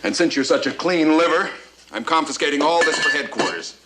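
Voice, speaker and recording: An actor playing a stern senior general who talks in a dry, cutting, commanding way, in 1960s sitcom style. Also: male voice, a little high, lively intonation, brisk, very noisy, close to an everyday voice. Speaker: army general.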